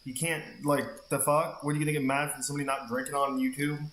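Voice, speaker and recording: A man's voice: fairly high pitch, level tone, fast talker, a bit bright, roomy sound. A man streaming a game, telling a long rambling story in casual chat and swearing freely. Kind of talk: casual chat while gaming.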